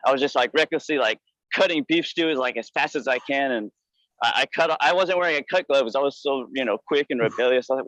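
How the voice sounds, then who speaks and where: A man calling in to a live comedy show on a headset, telling a reckless work story in an excitable, casual way. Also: medium pitch, dry recording, highs cut off. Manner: fast, excitable anecdote telling. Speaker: caller.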